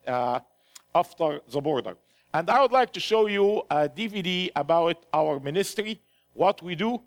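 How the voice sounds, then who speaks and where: A man from Egypt with an Egyptian accent, giving a storytelling church testimony with frequent "you know" fillers. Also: sits high. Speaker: ministry speaker.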